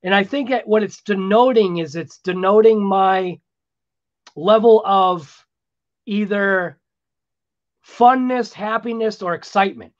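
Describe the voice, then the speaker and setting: A man with a fairly high voice talks his way through a video edit in a loose, rambling manner. He drifts into chatty, self-deprecating asides. The sound is a little muffled, like a basic home recording. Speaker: RC hobby channel host. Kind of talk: casual voice-over while editing video.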